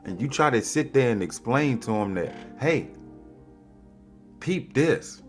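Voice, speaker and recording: A man hosting a podcast, ranting heatedly and with lots of profanity, his voice jumping high in pitch to mock people. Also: measured pace, faint music behind. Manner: heated, profane, animated with big pitch swings. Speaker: podcast host. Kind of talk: opinionated political rant.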